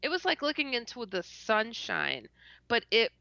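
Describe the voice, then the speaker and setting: A woman guest on a podcast spins an animated, casual story in an interview, her slightly high voice gravelly, bright, and forceful, very animated at a normal speed. No room sound is present, but the call audio is dull and lo-fi. She often laughs, stutters, and dramatizes how she reacted.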